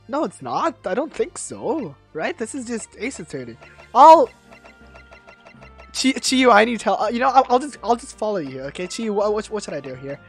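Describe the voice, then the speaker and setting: A woman streaming a game live, excitable and panicky, stammering and repeating herself as she reacts. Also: mid-range voice, slightly rough.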